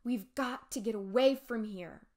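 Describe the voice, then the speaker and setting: A woman's voice: high-pitched, animated, a little fast, voice pushed up. A woman reading a storybook aloud, voicing a frightened young boy who pleads urgently.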